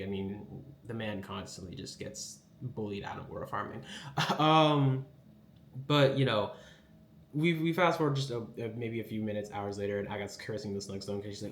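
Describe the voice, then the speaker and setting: A man's voice: on the low side, slight background noise. A man giving a casual, rambling recap of an anime episode, enthusiastic and full of filler words. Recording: echoey room with faint ambience.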